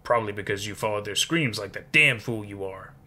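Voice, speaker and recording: A man voicing a tiny, fierce old woman who barks sharp commands and scolds, read within a spooky storybook narration. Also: lowish voice, a little fast. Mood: scolding.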